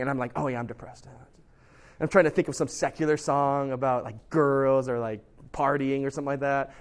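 Animated man leading a youth Bible talk. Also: medium pitch. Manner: animated, acts out quoted voices; conversational, asks the listeners questions. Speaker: youth group leader. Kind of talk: casual Bible teaching to a youth group.

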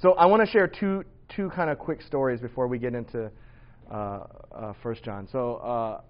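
A man's voice: medium pitch, moderate pace. A man, a pastor in his thirties, preaching in a casual, candid storytelling way with lots of filler words and tag questions. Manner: candid, rambling, lots of "like" and "right?". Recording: slightly dull lo-fi sound.

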